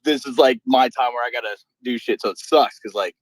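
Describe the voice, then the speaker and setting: A mid-pitched man rambles through casual call chat, swearing freely as he explains his supervisor job. He talks from his workplace, and his voice comes through dry and close, with no room around it. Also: fairly even intonation, no room sound, rough recording. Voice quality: profane, rambling, says he talks fast. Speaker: Air Force aircraft maintenance supervisor. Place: at work on an air base.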